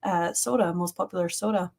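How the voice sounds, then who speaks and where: A woman's voice: on the low side, fairly quick, vocal fry, darkish tone. A young woman co-hosting a paranormal show, chatting casually on a live stream with lots of "like" and laughing. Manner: chatty, heavy use of "like", frequent laughter.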